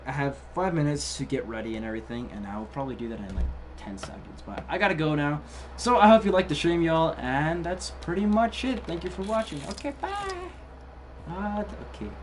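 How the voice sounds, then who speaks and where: A young man chatting casually on a live game stream, telling a story in a rambling way with many fillers and restarts. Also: mid-range voice. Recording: distant mic with background noise.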